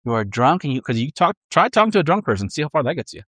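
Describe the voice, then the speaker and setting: A middle-aged man preaching a sermon in a conversational, animated way, acting out inner voices. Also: a little high, very fast, no echo. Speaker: pastor.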